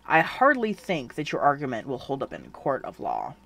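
A narrator voicing a smug, deadpan young male genius who teases dryly, in a fan fiction audiobook reading. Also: mid-range voice, a little fast, gravelly, exaggerated voice. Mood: teasing. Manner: teasing, dry.

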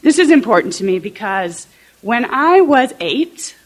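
A woman's voice: on the high side, very animated, measured pace. A woman professor from southern Illinois giving a conversational talk to fellow teachers, often checking in with the audience. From southern Illinois, USA. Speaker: political science professor.

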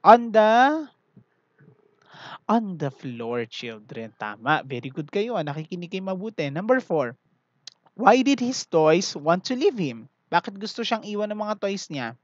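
A woman's voice: medium pitch, very animated, normal speed, no room sound, dull audio. A woman teacher reading a story to children and quizzing them, patient, with frequent "okay?" checks. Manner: code-switches, patient classroom prompting with frequent "okay?".

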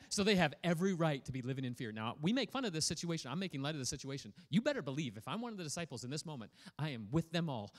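A man's voice: a little high, very animated, very fast, few pauses. A man preaching a sermon as a pastor, casual and joking, reading scripture aloud and breaking off to comment on it. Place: church hall.

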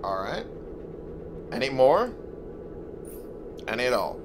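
A drowsy man talks his way through a video game, grumbling and cursing at it in a slow, unhurried drawl. His pitch still jumps about a lot as he reacts. Steady background noise sits under the voice. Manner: chatty, swears, grumbles at the game. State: sleepy, yawning. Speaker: let's play gamer. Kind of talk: casual gameplay commentary.

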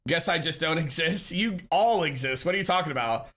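A man's voice: a little high, animated, brisk, sharp tone. A man live-streaming, chatting casually and upbeat with his viewers, greeting and answering them by name.

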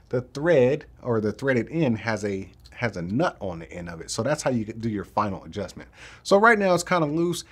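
A man giving a casual, laid-back product review, who jokes with viewers and calls them y'all and man. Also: mid-range voice. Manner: says man and y'all a lot. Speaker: tech reviewer.

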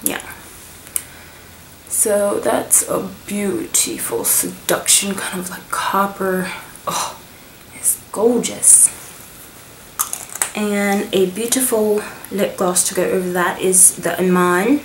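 A woman's voice: medium pitch, expressive, slow pace, pauses often, roomy sound, slight background noise, poor audio. A woman beauty vlogger giving a gushing, chatty product review, sometimes dropping into a whisper.

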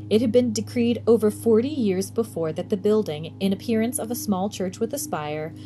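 A woman librarian reading a chapter book aloud for a tween storytime, gentle and even. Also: on the low side.

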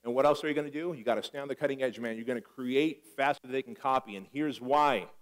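A man's voice: mid-range voice, fast, rough recording. A middle-aged man giving a live motivational talk, telling stories animatedly, acting out the dialogue and swearing. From Armenia. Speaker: motivational speaker.

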